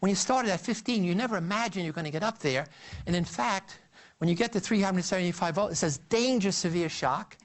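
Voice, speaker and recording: A man giving a psychology lecture, telling the story in an animated way with frequent restarts and fillers. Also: sits high, quick pace. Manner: animated storytelling, addresses listeners as "you".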